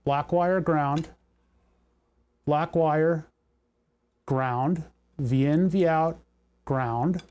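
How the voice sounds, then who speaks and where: A man's voice: a little high, drawn-out words, long pauses, darkish tone, clean tone. A young man hosting a livestream, talking through electronics troubleshooting, muttering and swearing as things go wrong. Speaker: livestream host. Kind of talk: casual livestream electronics tinkering.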